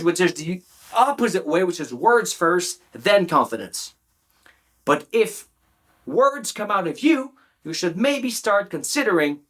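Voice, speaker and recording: A man teaching public speaking straight to camera, emphatic and animated, often checking in with the viewer. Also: high-pitched. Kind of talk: direct-to-camera coaching talk.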